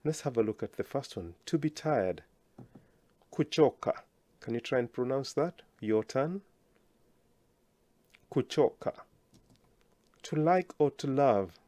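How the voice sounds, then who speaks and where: A man teaching a language lesson, slowly enunciating words for learners to repeat and praising them often. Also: medium pitch, lively intonation, mellow, dry recording.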